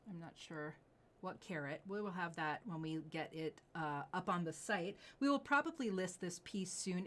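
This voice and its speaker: Gushing, excitable woman jewelry seller. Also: fairly low pitch. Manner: gushing and excitable, gasps and drops to whispers. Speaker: jewelry seller hosting a live show. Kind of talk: live sales show.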